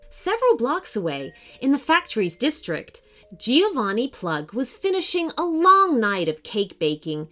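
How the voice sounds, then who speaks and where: Lively, unhurried woman storyteller for kids, soft music underneath. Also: on the high side. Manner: animated, expressive. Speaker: children's podcast host and storyteller. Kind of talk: storybook narration.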